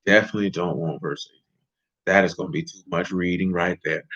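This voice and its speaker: Animated preacher man, lo-fi sound. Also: sits low, a little fast. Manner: animated, jokey asides and rhetorical questions. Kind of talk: casual street-talk sermon. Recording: dull lo-fi recording.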